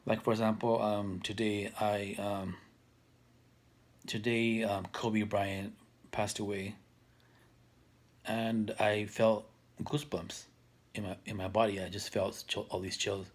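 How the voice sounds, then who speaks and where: A soft-spoken man in his thirties talks straight to his camera in a slightly low voice. He hesitates often, fills pauses and restarts his sentences, and lets them trail off quietly. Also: little pitch movement. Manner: hesitant, many fillers and restarts. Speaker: vlogger. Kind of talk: casual talk to camera.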